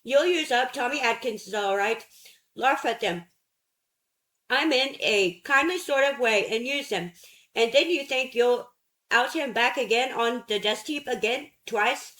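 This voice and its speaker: A woman's voice: on the high side, animated, unhurried, a bit bright, echoey room. A woman voicing a sardonic working-class London Cockney man in an audiobook reading, speaking with mocking, bitter sarcasm.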